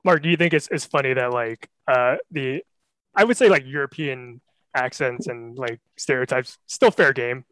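A man's voice: medium pitch, normal speed, a bit bright, no room sound, rough recording. Male host, wry, steers the panel, dry close mic. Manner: wry, leading questions. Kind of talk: hosting casual news chat.

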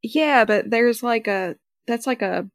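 A woman's voice: on the high side, takes it slowly, no echo, clean studio sound. A woman co-hosting a casual podcast, chatty and picky about details, reading summaries aloud. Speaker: podcast co-host. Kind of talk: casual chat.

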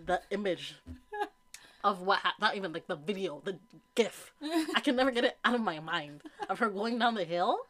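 A woman's voice: mid-range voice, normal speed. A young woman telling a wild story in casual chat, acting out what everyone said and laughing often. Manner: animated storytelling, acts out quotes, frequent laughter.

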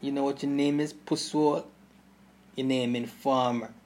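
A man putting on a menacing Jamaican gang boss, sneering and loud, his pitch barely moving as he goads, a faint hum of ambience behind him. The taunts land heavy and even. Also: normal speed, natural voice. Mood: taunting.

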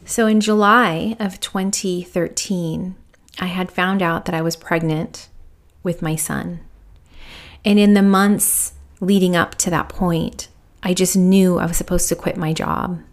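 A woman's voice: on the low side, fairly even intonation, unhurried. A woman in her thirties, a podcast host and spiritual medium, telling a personal story in a candid, reflective way with many fillers. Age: 30s.

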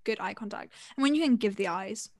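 A woman's voice: medium pitch, brisk. A young woman, co-hosting a podcast in casual chat, laughing often and talking in loose, filler-filled runs. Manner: giggly, chatty, many fillers. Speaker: podcast co-host.

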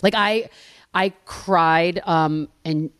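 A woman guest chatting casually on a podcast, animated and laughing often. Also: fairly low pitch, extremely slow, clear, resonant tone, no room sound, studio quality. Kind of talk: casual chat.

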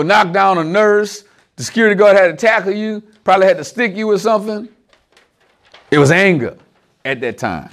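A man preaches informally to a small group in a strikingly high voice. His delivery is chatty, sprinkled with rhetorical questions and chuckles.

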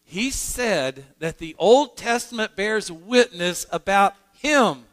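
Slow, emphatic preaching man in a hall. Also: sits high, expressive, fairly bright tone. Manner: earnest, emphatic preaching with repeated restarts. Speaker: pastor. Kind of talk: sermon. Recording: long hall reverb in a sanctuary.

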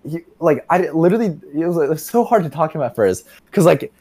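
A young man telling a rambling story as a podcast guest, full of "like" and quick laughs. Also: fairly high pitch, expressive, warm tone, husky. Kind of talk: casual storytelling chat.

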